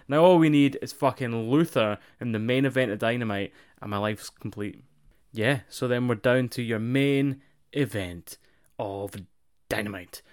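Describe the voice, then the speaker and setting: A man gives blunt wrestling opinions in casual podcast chat. He swears a lot and gushes over what he loves, in a smooth, clear voice. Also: medium pitch. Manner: blunt, sweary, enthusiastic about favourites. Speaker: podcast co-host.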